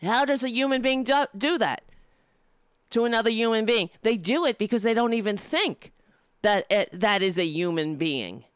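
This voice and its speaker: A woman's voice: on the high side, animated, smooth, dry recording, clean studio sound. A woman giving an indignant opinion monologue, often stumbling and restarting as she builds her point. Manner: impassioned, indignant, with halting restarts.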